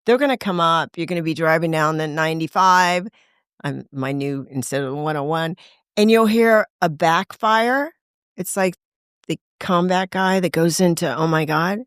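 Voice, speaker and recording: A woman's voice: on the low side, normal speed, clear, resonant tone, no echo, studio quality. A woman, a podcast guest, telling her recovery story in candid conversation, acting out quoted voices and laughing often.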